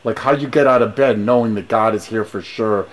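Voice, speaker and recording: A man's voice: lowish voice, brisk. A man on a rambling phone call, talking in a pushy, grandiose, sing-song patter full of rhymes and sermon-like lines. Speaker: caller.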